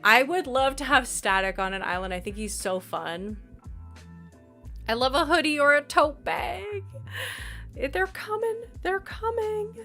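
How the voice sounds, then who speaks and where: A woman's voice: sits high, sing-song, unhurried, pushed and bright, soft background music. A congested woman streamer chatting casually with her viewers in a bubbly, chatty way. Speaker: live streamer. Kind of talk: casual live-stream chat reading viewer messages.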